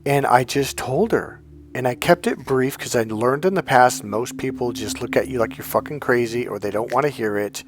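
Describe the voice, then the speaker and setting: A man's voice: medium pitch, moderate pace, slight background noise. Man telling a candid, profane story. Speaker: coach. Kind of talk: casual monologue.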